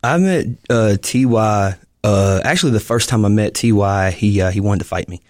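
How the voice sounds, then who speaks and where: A man co-hosting a podcast, telling stories in animated casual chat and laughing easily. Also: lowish voice, normal speed, no echo, clean studio sound. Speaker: podcast co-host.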